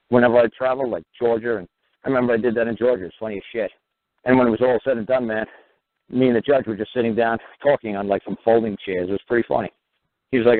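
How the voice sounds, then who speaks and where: A fast-talking man with a medium-pitched voice hosts a radio talk show. The sound is tinny, like a phone line, as he rambles profanely and keeps coming back to "you know what."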